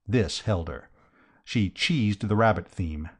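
A man's voice: fairly low pitch, takes it slowly, breathy edge. A man narrating a comic novel in the first person, with a dry, wry, conversational delivery. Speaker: audiobook narrator.

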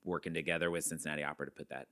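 A man's voice: rumbling low, flat delivery, racing, pushed and bright. A man with a light Southern accent, a guest in a casual interview, chatty, often laughing and trailing off mid-sentence. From Arkansas and Texas. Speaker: guest from a youth writing program.

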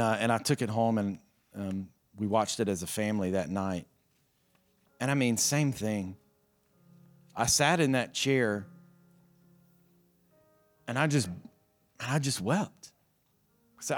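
A middle-aged man preaching an earnest, impassioned sermon as pastor, repeating his phrases for emphasis. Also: medium pitch. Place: church service. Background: soft music from the band.

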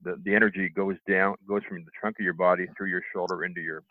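A middle-aged man telling how he recovered from a stroke, halting, with lots of restarts and fillers. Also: low voice, level tone, no echo. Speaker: stroke survivor interviewee. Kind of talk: telling his own recovery story. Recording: tinny phone line, dry.

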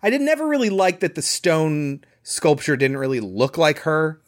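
A man with a fairly high voice co-hosts a podcast, speaking at a moderate pace as he casually recaps a movie. Relaxed and chatty, he shares behind-the-scenes trivia sprinkled with fillers.

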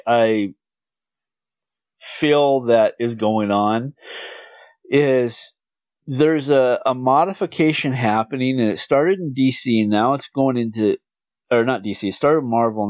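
A man cohosting a casual chat, speaking in a laid-back, thoughtful, halting way. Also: mid-range voice, a little mellow, no echo. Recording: dry, slightly dull lo-fi sound.

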